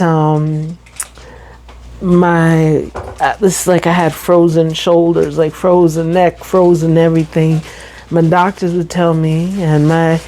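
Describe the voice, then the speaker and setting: A middle-aged woman slowly and thoughtfully sharing her story of recovery from a brain injury, with light laughs and quick bursts between pauses. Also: on the low side, dark tone, poor audio. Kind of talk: reflective personal talk.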